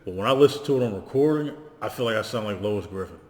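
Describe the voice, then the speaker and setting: A man in his thirties chatting casually as a podcast co-host, relaxed and laughing, with loose profanity. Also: lowish voice, quick pace. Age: 30s. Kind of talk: casual chat. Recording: echoey room with long reverb.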